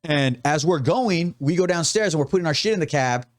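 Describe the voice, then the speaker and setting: Man, casual storytelling, swears often, acts out other people's lines, lively high pitch. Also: a little fast, no room sound. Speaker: tattoo artist host telling a story.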